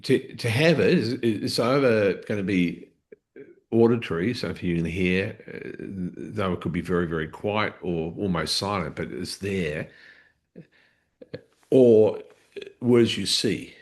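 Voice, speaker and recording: A man's voice: low-pitched, unhurried. A man coaching a live training session, explaining step by step, restarting phrases and checking in with "okay?".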